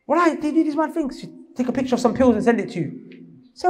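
Emphatic male preacher, quick and high, reverberant hall. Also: very animated, a little mellow, a little hiss or hum. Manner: rapid, emphatic, questions the audience. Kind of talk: sermon.

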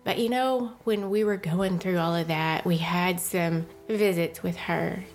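A woman's voice: lowish voice, fairly even intonation, measured pace. A woman, a mother and podcast guest, talking earnestly about faith and parenting and laughing at herself. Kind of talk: casual faith-based podcast chat.

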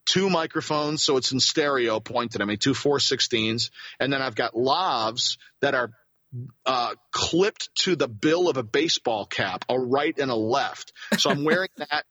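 A man who works as a voice actor, telling a rambling, animated story as a guest in a casual interview. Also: mid-range voice, unhurried, no echo, dull audio.

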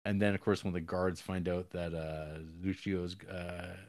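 A man with a fairly low voice talks through a film's plot in a loose, rambling way. He fills the talk with fillers and wry, profane asides. The sound is dry and close, with no room around it. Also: fairly even intonation, a little slow, a little mellow, no room sound. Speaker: podcast co-host. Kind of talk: casual film recap.

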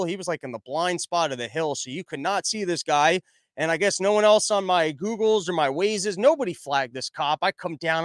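A man's voice: sits high, dry recording. A young man hosting a podcast, telling a rambling comic story and acting out the people in it. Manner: rambling, animated, acts out quoted voices. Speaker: podcast host. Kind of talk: casual comedic storytelling.

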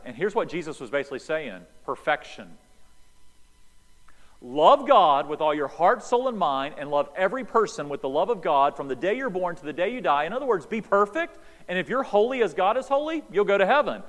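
Animated preacher in a reverberant hall. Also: male voice, sits high, fairly quick. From United States. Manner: animated preaching, acts out dialogue. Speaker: pastor. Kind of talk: sermon.

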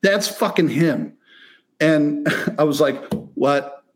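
Profane animated storyteller man. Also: on the high side, slow. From Michigan, near Detroit. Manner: animated, profane, acts out quotes. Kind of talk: casual storytelling chat.

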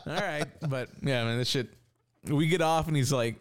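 A man's voice: mid-range voice, brisk. A man telling a story in casual chat, swearing freely and acting out what people said. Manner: animated, swears a lot, acts out quotes.

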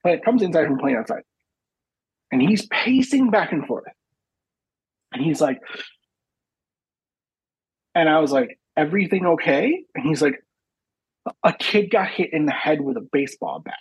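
A man in his thirties spins a profane, animated story on a podcast and voices every person in it. His voice is rough and husky and sits a little high. The sound is close and dry. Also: moderate pace, long pauses, no room sound, poor audio. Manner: profane, animated retelling with quoted dialogue. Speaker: podcast co-host. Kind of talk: casual comedic storytelling.

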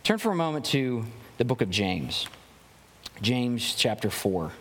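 A man's voice: mid-range voice, big pitch swings, a little slow, fairly bright tone, slight background noise. A young man preaching a sermon as pastor, earnest and full of rhetorical questions, often restarting his phrases. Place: church sanctuary. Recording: long hall reverb.

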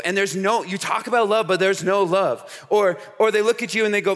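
A man preaching a youth sermon at a camp, telling stories in an animated way and checking in with the crowd with "okay?" and "all right?". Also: sits high, brisk, few pauses. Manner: animated storytelling with frequent "okay?" asides. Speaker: camp speaker. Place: large hall with an audience. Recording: hall reverb.

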